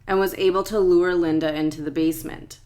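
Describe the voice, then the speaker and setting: Low-voiced woman recounting a true crime case. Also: steady tone, fairly quick, a little mellow. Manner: reads case facts steadily from notes. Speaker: podcast co-host. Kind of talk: true crime podcast narration.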